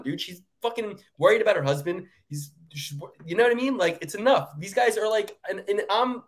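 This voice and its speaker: A man's voice: moderate pace, few pauses. Profane, ranting American man. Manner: animated, profane ranting with big pitch jumps. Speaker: podcast co-host. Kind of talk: casual sports betting chat.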